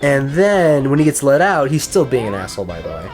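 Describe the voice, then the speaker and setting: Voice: medium pitch, sing-song, brisk, music in the background. A gaming co-host in casual let's-play chat, rambling and cursing while retelling a film plot. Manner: rambling, profane, retells a film with quoted voices.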